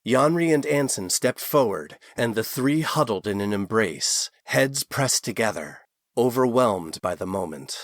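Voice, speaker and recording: A man narrating a fantasy novel chapter in an expressive storytelling voice. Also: medium pitch, a little slow, dry recording, studio quality. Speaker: audiobook narrator. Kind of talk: scripted narration.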